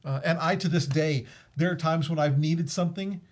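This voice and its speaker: Male host spinning a ghost yarn, slightly high voice, lots of ums, animated. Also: normal speed. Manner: animated, laughs often, many fillers and restarts. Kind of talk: casual storytelling.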